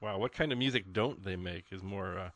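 A man's voice: low voice, a little fast, fairly bright tone, no room sound. A man hosting a radio show, chatting casually in a rambling, folksy way with plenty of ums and uhs. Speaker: radio host. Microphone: studio microphone.

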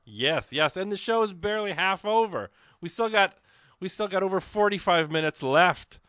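Radio guy doing a fund drive, rambly and excitable, dry close studio mic. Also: high voice, moderate pace, dry recording. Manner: chatty, rambling, exclamatory with frequent fillers. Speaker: radio host.

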